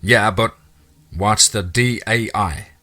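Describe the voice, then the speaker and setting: A man's voice: lowish voice, slow, sharp tone. A man reading as an insistent small-town police chief.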